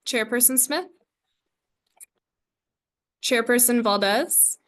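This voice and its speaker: A woman chairing a student government meeting, reading the agenda and roll call in a brisk, scripted way. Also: fairly high pitch, fairly bright tone.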